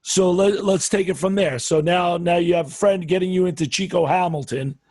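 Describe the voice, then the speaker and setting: A man with a fairly high, husky voice hosts a casual interview. He nudges the story along and offers brief, encouraging interjections. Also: fairly even intonation, darkish tone. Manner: supportive, quick interjections. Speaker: interviewer host. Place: home, video call.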